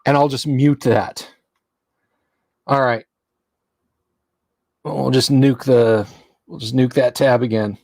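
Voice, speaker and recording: A man's voice: medium pitch, fairly even intonation, slow pace, pauses often, a little mellow, dry recording, clean studio sound. A man hosting a casual livestream, chatty, reading viewer names aloud and laughing easily. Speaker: livestream host.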